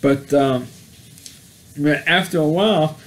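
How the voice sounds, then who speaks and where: A man giving a casual spoken movie review, halting and often restarting and repeating words. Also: a little high.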